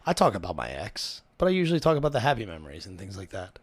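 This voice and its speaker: A man's voice: sits low, racing, husky. A man co-hosting a podcast in casual banter, swearing freely and telling stories with rising animation. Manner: profane, storytelling, animated when telling anecdotes. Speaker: podcast co-host.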